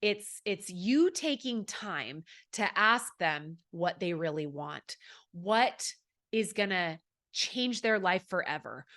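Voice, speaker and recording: A woman's voice: medium pitch, fairly bright tone. Chatty upbeat woman podcast coach. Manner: chatty, upbeat, many fillers, acts out quoted people. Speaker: podcast host and network marketing coach. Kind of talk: solo podcast teaching.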